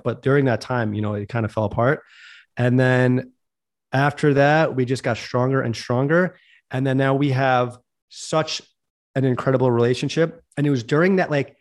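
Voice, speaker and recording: A man's voice: medium pitch, a little mellow. A man hosting a podcast, talking in an earnest, heartfelt, rambling way. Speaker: podcast host. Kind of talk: casual conversation.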